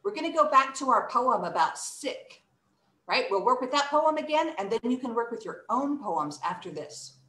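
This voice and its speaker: A woman teaching poetry recitation in a playful way, demonstrating emphasis with exaggerated, deliberate delivery. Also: on the high side, sing-song, bright, forceful tone. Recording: roomy echo.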